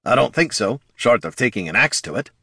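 A man voicing a gruff, battle-hardened male dwarf who talks bluntly and sarcastically. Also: medium pitch, animated, fairly quick, bright, forceful tone, dry recording, clean studio sound, voice pushed up, heavily acted.

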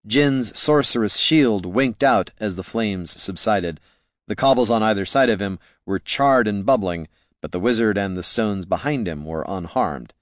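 A man narrating a fantasy audiobook in a lowish voice that rises and falls with lively expression. His reading is measured and steady. The sound is close and completely dry. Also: no echo. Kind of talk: scripted narration.

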